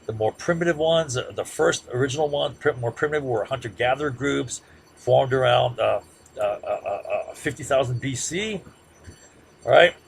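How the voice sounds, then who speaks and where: Casting: male lecturer, very gravelly, mid-pitched, chatty and heated, faint hiss behind. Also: normal speed. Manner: conversational, peppers sentences with "right?"; gets loud and heated when making a point. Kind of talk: classroom lecture.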